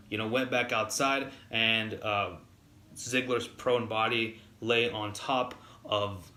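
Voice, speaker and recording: A man's voice: mid-range voice, sharp tone, reverberant. A man giving a casual spoken wrestling review, rambling with lots of fillers and restarts, getting heated when annoyed.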